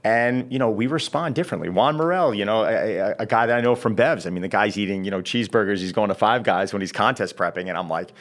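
A man's voice: fairly low pitch, fast, few pauses. A man, a fitness coach, chatting casually on a podcast and telling stories, acting out the back-and-forth of his conversations. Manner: storyteller acting out quoted dialogue.

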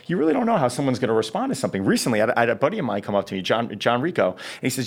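Fast-talking man telling coaching stories. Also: lowish voice, big pitch swings. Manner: storyteller acting out quoted dialogue. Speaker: fitness coach. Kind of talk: casual podcast conversation.

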